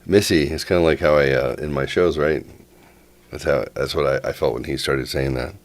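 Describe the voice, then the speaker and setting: A man hosting a casual interview, talking in animated, halting bursts and often restarting his sentences. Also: very deep voice. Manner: animated, halting, quotes others in lively bursts. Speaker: podcast host.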